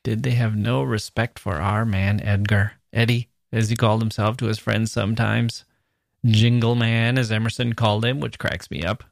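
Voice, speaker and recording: A man's voice: medium pitch, creaky, no room sound. Wry male podcast host, dry sound. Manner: wry, mockingly disappointed. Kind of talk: casual podcast commentary.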